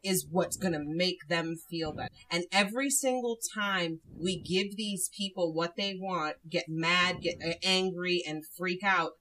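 Bright-voiced woman giving a sassy pep talk. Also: on the low side, unhurried, hardly any pauses, recorded from a distance, slight background noise, low-quality recording. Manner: emphatic, sassy, preachy. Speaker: podcast co-host. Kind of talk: casual chat, motivational rant.

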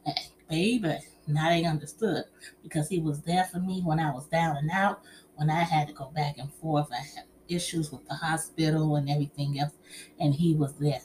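A middle-aged woman telling personal stories and giving relationship advice to an audience, in a chatty, expressive way, calling listeners honey and child. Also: low voice, normal speed, a little hiss or hum.

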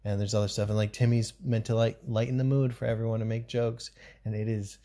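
A man co-hosts a casual podcast chat in a fairly low, mellow voice. He talks in a loose, rambling way, full of fillers. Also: level tone, brisk. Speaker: podcast co-host.

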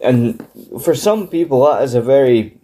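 A man's voice: mid-range voice, lively intonation, moderate pace, warm tone. A man co-hosting a casual chat show who talks bluntly, swears freely and stays laid-back. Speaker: podcast co-host.

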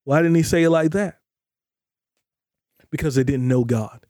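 A man delivering a podcast sermon in a warm, mellow voice, a little high for a man. He preaches emphatically and drags out key phrases when he stresses scripture. The recording is dry and close, with no room sound. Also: measured pace, no echo. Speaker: pastor.

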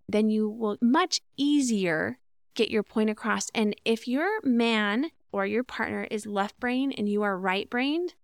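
Woman podcast host, relationship advice talk, earnest teaching manner, gravelly smooth voice, dry close sound. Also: mid-range voice, no echo. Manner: earnest, instructive, acts out example phrases.

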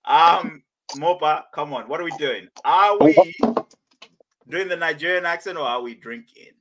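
A man's voice: on the high side, a little slow, a crowd in the background, poor audio. A man hosting a live podcast, rowdy and laughing, talking over the others. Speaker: podcast host. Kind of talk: casual live-stream chat.

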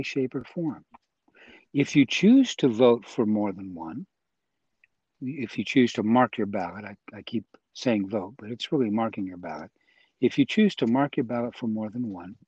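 Husky man earnestly explaining. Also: medium pitch, a little mellow, dry recording, lo-fi sound. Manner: earnest, persuasive, with restarts. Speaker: interview guest, voting reform advocate. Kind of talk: conversational explaining.

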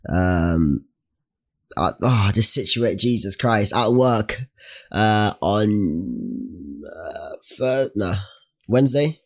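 A man's voice: on the low side, lively intonation, slow. A young man, co-hosting a casual podcast chat and telling a story full of slang and restarts. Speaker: podcast co-host.

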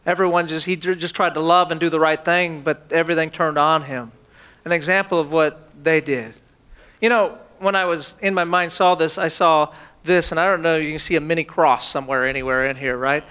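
A man's voice: a little high, fairly even intonation, brisk, pushed and bright, clean tone. A man preaching a sermon with humor, acting out everyday household scenes as he tells them. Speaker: pastor.

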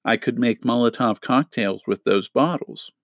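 A man's voice: medium pitch, normal speed, no room sound, natural voice. Girl read: a man voicing a practical young inventor, earnest and worried, dry close sound.

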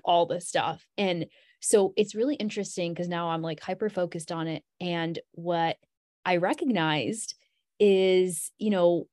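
A woman's voice: on the low side, darkish tone, dry recording. Reflective woman podcast guest. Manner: reflective, rambling, many fillers. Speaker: podcast guest, graphic designer. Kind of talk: casual podcast conversation.

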